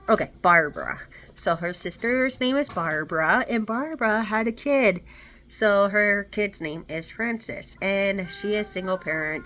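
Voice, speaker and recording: A woman's voice: medium pitch, a bit bright, slight background noise. A woman at home giving a casual book review, retelling the plot in a rambling way and correcting herself as she goes. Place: home with dogs.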